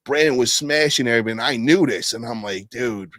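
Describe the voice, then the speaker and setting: A man in casual podcast chat, swearing freely and calling everyone bro. His voice sits in a middle register but leaps high when he acts out what others said. The sound is dry and close. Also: quick pace, dry recording. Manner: profane, animated, peppers speech with "bro". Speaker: guest telling stories.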